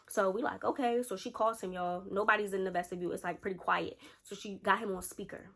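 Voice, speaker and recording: Animated woman telling a story. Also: mid-range voice, quick pace, few pauses. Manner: animated, acts out friends' and a man's lines in quotes. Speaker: storytime vlogger. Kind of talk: casual storytelling.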